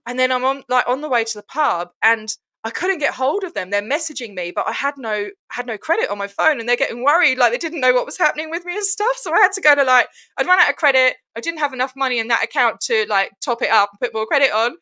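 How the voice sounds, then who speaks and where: An Australian woman tells a long story in casual chat over a video call, animated and quick to laugh. Her voice sits a little high and sounds bright and forceful. She slips into the voices of the people she describes. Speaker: guest protester.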